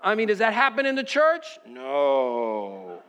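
A pastor with a fairly high, brisk, clear, and resonant voice preaches a sermon, with a long reverb ringing through the hall so the sound stays roomy and live. He asks his listeners rhetorical questions, building fervent exhortation before easing into soft, reflective storytelling.

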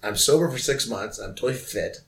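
Middle-aged man, animated profane storyteller, trips over his words, middling pitch. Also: brisk. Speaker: guest musician. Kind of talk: casual storytelling.

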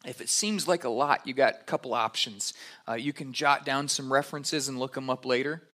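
A man, a pastor, giving a relaxed, conversational sermon with frequent fillers and asides. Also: medium pitch, brisk.

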